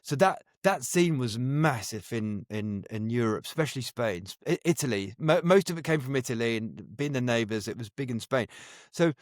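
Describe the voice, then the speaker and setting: A man's voice: mid-range voice, expressive, normal speed, few pauses, no room sound, studio quality. A middle-aged man, a DJ guest, telling stories in a reflective way with many restarts. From England. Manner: reflective, restarts phrases often. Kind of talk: casual interview storytelling.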